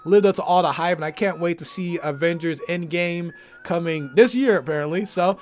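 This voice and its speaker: A young man with a hoarse, worn-out voice giving an enthusiastic, rambling movie review full of fillers. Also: on the high side, a little fast, faint music behind. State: hoarse, tired voice. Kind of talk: casual movie review vlog.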